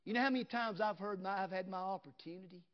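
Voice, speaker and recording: A man preaching a revival sermon in a folksy way, swinging from shouted preaching to hushed storytelling. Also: high-pitched, fast talker, highs cut off. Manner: folksy, drops into "ain't" and "you know what".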